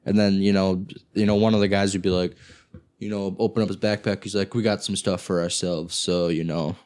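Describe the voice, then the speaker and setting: A man's voice: low-pitched, flat delivery, fairly quick, darkish tone, clean tone. A man in his early twenties co-hosting a casual podcast, rambling with lots of "like" and "you know.". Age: 20s. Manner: rambling, filler-heavy. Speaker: podcast co-host. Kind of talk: casual chat.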